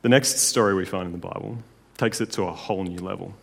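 A man's voice: sits low, fast talker, gravelly. A man telling a Bible story in a casual, chatty way, with jokes along the way. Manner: chatty, joking, lively storytelling. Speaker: Bible teacher. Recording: long hall reverb.

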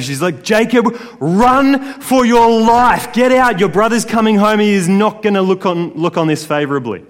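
A man preaching a sermon in a casual, conversational way, often checking in with his listeners. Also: medium pitch. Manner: casual, conversational, with tag questions. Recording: long hall reverb.

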